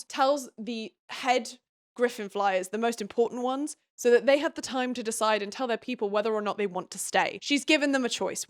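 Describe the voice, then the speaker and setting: A young woman giving a jokey, sarcastic book recap and reading passages aloud. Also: on the high side.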